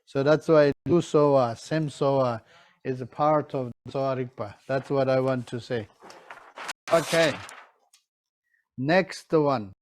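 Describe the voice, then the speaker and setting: A man's voice: medium pitch, slow, long pauses, darkish tone. A man teaching a class on Tibetan medicine, often checking in with his students and acting out their excuses. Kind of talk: lecture to a class.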